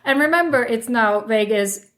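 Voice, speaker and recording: A woman in her thirties co-hosting a podcast, telling a story in lively casual chat and acting out the quoted voices. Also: fairly high pitch, normal speed. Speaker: podcast co-host.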